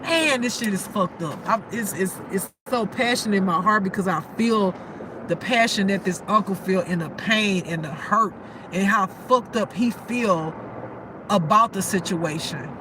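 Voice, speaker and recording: A woman gives a casual intuitive reading, talking emotionally and swearing often as she repeats herself. Her pitch sits in an ordinary middle range. Cars and loud street noise fill the outdoor recording. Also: measured pace. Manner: emotional, profane, repetitive. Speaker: intuitive spiritual reader.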